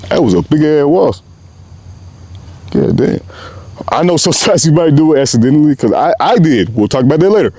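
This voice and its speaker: This young podcast host speaks passionately off the cuff outside, loose and slangy, calling people "bro" often. His voice is a little high, warm, and husky, expressive and a bit quick, with frequent pauses.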